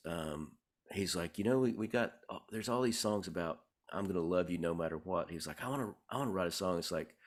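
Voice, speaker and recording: A man, a songwriter guest, telling stories in a relaxed, rambling way, with many fillers and restarts. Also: low-pitched. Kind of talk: conversational interview storytelling.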